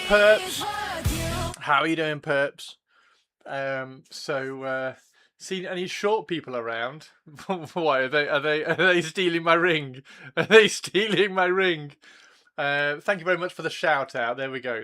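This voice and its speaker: Male streamer, bright voice, rambling and giggly, chatting to viewers while he works on models. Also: mid-range voice. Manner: chatty, repeats himself, laughs often. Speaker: livestream host. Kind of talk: casual chat while building models.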